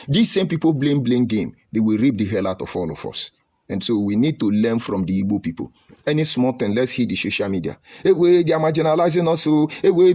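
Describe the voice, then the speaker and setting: A man's voice: mid-range voice, darkish tone, slightly rough. A man giving an impassioned political speech with a preaching, rhetorical delivery and emphatic lists. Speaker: political speaker.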